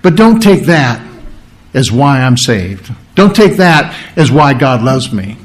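A man's voice: mid-range voice, sing-song, slow. A male pastor preaching a sermon, earnest, asking rhetorical questions and answering them himself.

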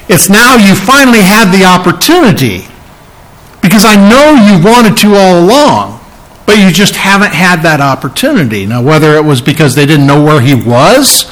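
A man preaching from the pulpit in a fairly high voice. He talks in a conversational way, with restarts and fillers, and rises for emphasis when he reads and explains Bible verses. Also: fairly bright tone, poor audio. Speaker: pastor. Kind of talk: sermon.

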